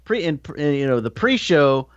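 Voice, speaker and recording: A man co-hosting a podcast in casual chat, argumentative and quick to yell. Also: a little high, sing-song, dry recording, lo-fi sound. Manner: argumentative, prone to yelling. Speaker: podcast co-host.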